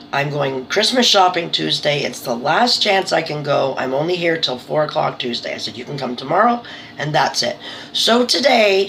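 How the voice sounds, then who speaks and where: A middle-aged woman who runs a small home business vlogs casually to camera from her living room, chatty and exasperated as her stories tip into laughing disbelief. Her voice is low-pitched, with slight background noise in a low-quality recording.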